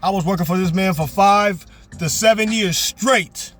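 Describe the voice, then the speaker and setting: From inside his parked car, a young man preaches a fervent, repetitive motivational sermon at normal speed. His voice is high for a man and fairly bright in tone, with faint music playing underneath.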